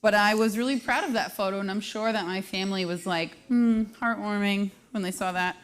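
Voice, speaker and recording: A woman's voice: medium pitch, steady tone, quick pace, fairly bright tone. A woman in her thirties hosting a live show, chatting casually and joking at her own expense. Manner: self-deprecating, joking, laughs often. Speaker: host.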